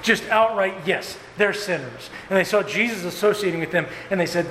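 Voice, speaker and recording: A man preaching a sermon as pastor, earnest and emphatic, with slow stressed phrases and repetition. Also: high-pitched, expressive, fairly bright tone. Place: church sanctuary. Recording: echoey hall with faint room noise.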